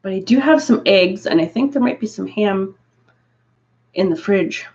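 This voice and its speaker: In a casual live chat on her craft stream, a Canadian woman rambles through asides and laughs a lot. Her mid-range voice is animated and a little mellow, at normal speed. The recording is dull, lo-fi stream audio.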